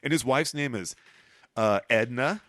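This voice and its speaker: A man hosting a podcast, retelling a story in casual, profane chat and acting out the characters in quick asides. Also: mid-range voice, fairly bright tone, dry recording. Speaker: podcast host.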